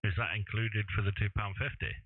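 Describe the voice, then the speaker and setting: A man's voice: lowish voice, fairly quick. A man chatting and joking over amateur radio, teasing his friends and calling them mate. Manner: jokey, teasing, calls everyone mate. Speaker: ham radio operator, co-host. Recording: narrow radio transmission with static hiss.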